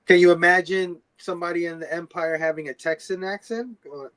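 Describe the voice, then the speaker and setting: A man's voice: sits high, fairly even intonation, a little fast, fairly bright tone. A man co-hosting a casual movie chat, easygoing and given to laughing asides. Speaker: co-host.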